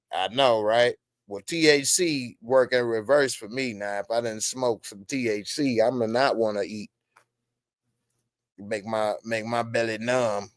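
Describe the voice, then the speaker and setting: A man's voice: mid-range voice, no room sound, studio quality. A middle-aged man hosting a casual show, riffing in loose slang and reading out viewer comments. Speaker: host.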